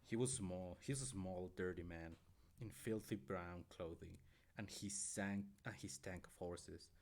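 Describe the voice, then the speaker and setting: A man with a deep, low voice reads a novel aloud for his stream. He often trips over words and goes back to correct himself mid-sentence. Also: measured pace, darkish tone. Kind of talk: reading a book aloud.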